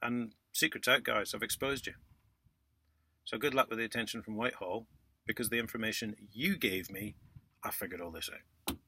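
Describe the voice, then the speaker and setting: A man vlogging in a casual, indignant monologue, sarcastic, with loud outbursts and muttered asides. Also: lowish voice, normal speed, long pauses, slight background noise. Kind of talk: casual ranting monologue to camera.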